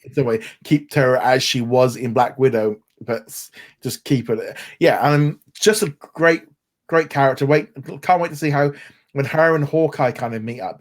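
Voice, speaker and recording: A man co-hosting a podcast, chatting casually and enthusiastically with many restarts and fillers. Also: medium pitch. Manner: enthusiastic, rambling with frequent restarts. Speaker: podcast co-host.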